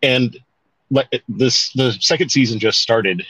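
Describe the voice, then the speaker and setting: A man's voice: mid-range voice, measured pace, a bit bright, husky, no echo. A man co-hosting a podcast in casual chat, rambling and correcting himself as he goes, with some mild swearing. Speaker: podcast co-host. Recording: dull, dry home-mic sound.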